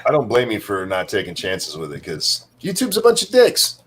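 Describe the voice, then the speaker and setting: A man's voice: fairly low pitch, wildly swooping pitch, fairly quick, fairly bright tone, slight background noise. A man hosting a casual livestream talk show, ranting with sarcastic commentary. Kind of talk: casual chat.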